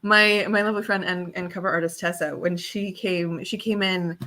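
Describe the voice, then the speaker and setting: A woman's voice: on the low side, fairly even intonation, moderate pace, bright, forceful tone. A young adult woman chatting casually on a livestream, giggly and talkative, with lots of fillers. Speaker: livestream host and author. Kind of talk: casual chat on a writing livestream.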